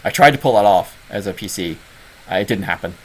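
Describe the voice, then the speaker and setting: A man's voice: deep voice, lively intonation, a little fast, rough recording. A man with a Southern Ontario Canadian accent hosting casual online office hours, rambling and self-deprecating with many fillers. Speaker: host of a gaming club's online office hours. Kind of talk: casual livestream chat.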